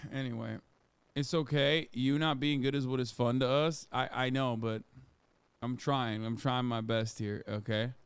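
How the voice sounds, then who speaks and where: A man riffing sarcastically on a live stream, casual and prone to swearing. His voice is smooth and resonant at a middle pitch, recorded dry and close. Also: steady tone, unhurried, no echo.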